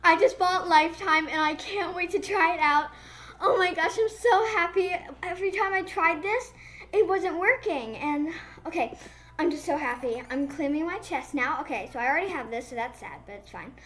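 Giddy high-voiced woman gushing over a game. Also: moderate pace. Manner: gushing, breathless, babbling with excitement. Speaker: gaming vlogger. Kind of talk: excited casual gameplay commentary.

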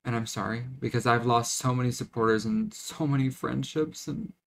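A man's voice: mid-range voice, moderate pace, creaky. A young man in his twenties venting in a confessional vlog, rambling, choked up and close to tears, with frequent restarts. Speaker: vlogger.

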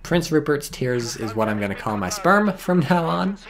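A man's voice: a little high, big pitch swings, moderate pace, a crowd in the background. A man streaming a strategy game, talking in a rambling, profane, sardonic way and reading out chat messages. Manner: reads chat messages aloud. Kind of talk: casual live-stream commentary.

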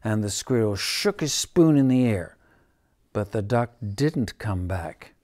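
A man reading a children's picture book aloud, gentle and dramatic. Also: lowish voice, lively intonation, takes it slowly. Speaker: storyteller.

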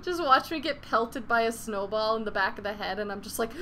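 A woman's voice: a little high, lively intonation, a little fast, sharp tone. A young woman chatting casually on a live gaming stream, swearing freely and venting frustration between laughs. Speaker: game streamer.

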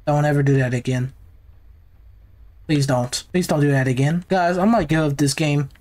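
A man's voice: fairly high pitch, steady tone, normal speed, a little mellow. A man giving nervous, jumpy commentary while playing a horror game, talking to himself. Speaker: gaming YouTuber.

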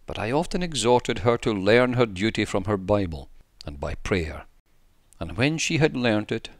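A man with a very low voice reads an old pastor's account aloud, slow and solemn like a sermon. The sound is dry and close, with no room around it. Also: dry recording. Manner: measured, solemn, sermon-like delivery. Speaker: narrator. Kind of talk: solemn scripted narration of an old religious text.

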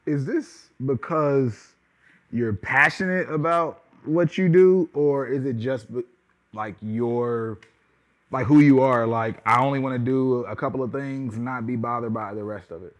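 A man's voice: medium pitch, measured pace. A man hosting a podcast, asking loose, rambling questions in a casual interview. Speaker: podcast host.

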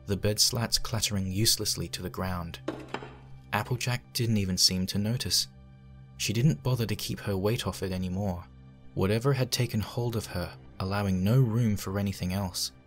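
A man reading a horror fanfic aloud with hushed, dread-filled narration. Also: lowish voice. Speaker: fanfic reader.

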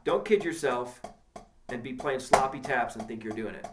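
A man's voice: mid-range voice, moderate pace, heavy background noise. A man teaching a drum lesson, coaching emphatically and counting out patterns as he demonstrates. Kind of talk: instructional lesson.

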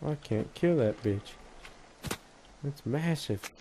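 A man's voice: mid-range voice, lively intonation, takes it slowly. Crude joking man over noisy game sound. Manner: joking, crude, swears a lot. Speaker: gameplay commentator. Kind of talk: casual let's play commentary.

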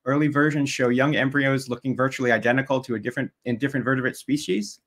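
A man's voice: medium pitch, fast talker, fairly bright tone. A man giving a debate opening statement, working methodically through prepared slides and making pointed jabs at his opponent.

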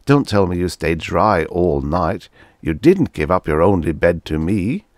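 A man's voice: sits low, animated, a little slow, darkish tone, no echo, clean studio sound. A man voicing a polite, cheerful male Martian visitor who speaks in an earnest, formal, apologetic way.

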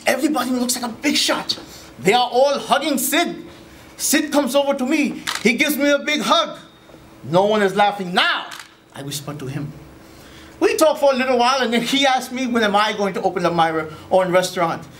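A man voicing an earnest immigrant dishwasher who tells his story in broken English, sometimes bursting out higher and louder. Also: animated, normal speed, a little hiss or hum. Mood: storytelling.

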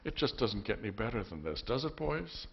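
A contented old fisherman father who speechifies heartily to his sons, as a man acts him out, in a low voice. The sound is muffled and lo-fi. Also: very animated, fairly quick, gravelly, husky, heavily acted.

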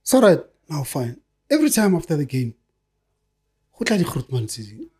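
A South African man in his sixties, a former footballer, telling stories in an animated way, repeating words in bursts and checking that the listener follows. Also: on the high side, fairly quick, breathy edge. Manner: animated, repeats words in bursts, keeps asking "you understand?". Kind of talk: casual storytelling interview.

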